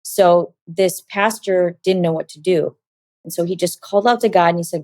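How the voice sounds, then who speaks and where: A woman with a low, grounded voice tells a personal testimony, animated and vivid. She acts out the voices of the people she quotes, and the sound is close and dry with no room around it. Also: normal speed, no echo. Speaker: guest giving a testimony.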